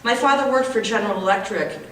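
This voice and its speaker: A woman's voice: medium pitch, fast, fairly bright tone. A woman in her forties from the United States gives an indignant, emotional public comment at a hearing, repeating her points. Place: large public meeting hall. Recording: echoey hall, distant mic, faint noise.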